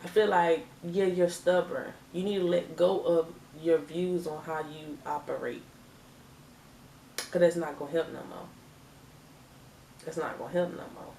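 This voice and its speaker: A woman gives a casual tarot reading in a lowish, gravelly voice, chatty and emphatic, repeating herself for effect. She sits a bit back from the mic in an echoey room with faint noise behind. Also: steady tone, measured pace, long pauses, warm tone, far from the mic. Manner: chatty, emphatic, repeats phrases, laughs often. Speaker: tarot reader.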